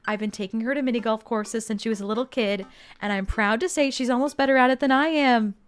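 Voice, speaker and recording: A woman's voice: on the high side, fast, clean tone. Chatty woman streamer reading game text. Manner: chatty, reads game text aloud, playful. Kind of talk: casual game playthrough commentary.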